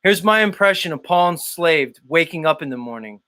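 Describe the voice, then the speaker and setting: A man's voice: fairly high pitch, expressive, brisk, few pauses, sharp tone, no room sound. A man hosting a livestream, ranting sarcastically with a lot of swearing and casual banter with his co-host.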